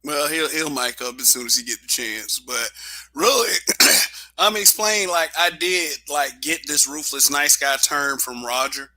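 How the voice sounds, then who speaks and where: A man's voice: on the high side, measured pace, pushed and bright, dry recording. A man hosting a casual livestream monologue, blunt and profane, laughing often. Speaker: show host.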